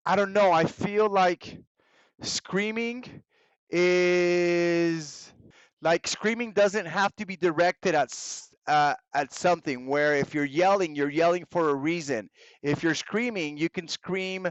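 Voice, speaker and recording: A young man teaches English to students in a live online class, his plain as he moves between the two languages. His voice sits fairly high and he takes each word slowly and carefully. The sound is dry and a little dull, like a basic streaming mic. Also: no room sound. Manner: patient, explains slowly, switches between English and Spanish.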